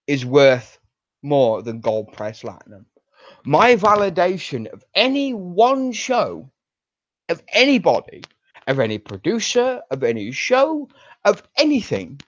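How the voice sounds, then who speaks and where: A man delivering an angry, profane ranting monologue with drawn-out emphatic delivery. He sounds furious throughout. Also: fairly high pitch, no room sound. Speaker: online show personality. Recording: dull lo-fi dry recording.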